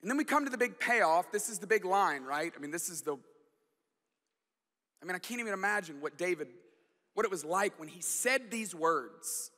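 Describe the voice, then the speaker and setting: A man's voice: high-pitched, lively intonation, moderate pace, sharp tone, long reverb tail. A man preaching a sermon as pastor, chatty and storytelling, often repeating words.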